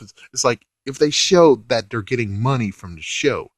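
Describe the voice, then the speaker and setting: A man's voice: mid-range voice, animated, normal speed, few pauses, no echo. A man reviewing a TV episode in a casual rant, swearing offhandedly and laughing often.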